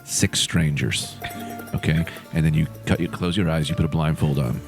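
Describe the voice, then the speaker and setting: Very deep-voiced goofy podcast man. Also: steady tone, normal speed. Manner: loud, exaggerated, goofy. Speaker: podcast co-host. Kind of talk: casual comedic banter. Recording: music playing behind.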